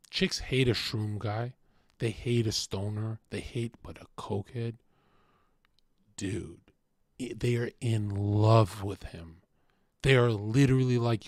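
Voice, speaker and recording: A man's voice: lowish voice, takes it slowly, long pauses, dry recording, studio quality. Crude, rambling man telling stories. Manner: crude, rambling, swings loud to mumbled asides. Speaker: podcast host. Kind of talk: casual storytelling monologue.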